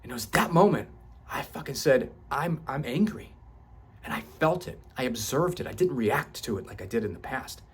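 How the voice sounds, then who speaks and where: His mid-range voice is expressive and brisk, with a little hiss or hum behind it. The speaker is a man 38 or older, a self-help vlogger whose motivational monologue about his own growth is peppered with swearing for emphasis, his voice climbing as he grows more fervent.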